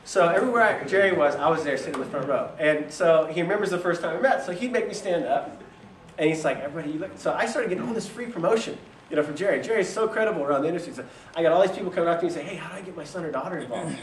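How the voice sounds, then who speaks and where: Racing along in a voice on the high side, a young man lively narrates how his business went, cracking up often and voicing others' words in character. The recording has slight background noise and a roomy echo from a mic placed far away.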